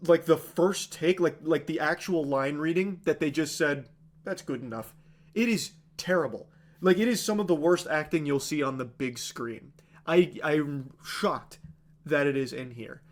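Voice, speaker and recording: Exasperated, foul-mouthed male streamer. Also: on the high side. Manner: sarcastic, exasperated, swears freely; rambling with many fillers like "like". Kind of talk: casual movie recap on a live stream.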